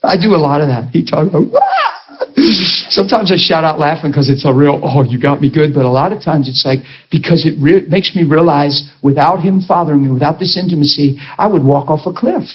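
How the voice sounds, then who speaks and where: High-voiced animated male preacher. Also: fast, hardly any pauses. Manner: animated, laughing, swings between high and low voice. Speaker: pastor teaching a ministry school. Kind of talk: sermon, personal storytelling. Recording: dull lo-fi recording.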